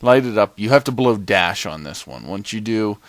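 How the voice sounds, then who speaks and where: Low-voiced man rambling through gameplay. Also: lively intonation, moderate pace, no room sound. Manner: rambling, chatty storytelling. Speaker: gamer narrating gameplay. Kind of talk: casual gameplay commentary.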